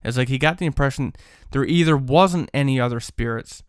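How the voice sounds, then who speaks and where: A man's voice: mid-range voice, fairly quick, clean tone, no room sound, clean studio sound. A man telling a paranormal story in a casual, rambling way, full of fillers and restarts.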